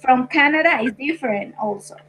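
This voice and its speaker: High-voiced American woman teaching English. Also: lively intonation, a bit bright, slight background noise, rough recording. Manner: patient, explains slowly with examples. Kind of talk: online English lesson.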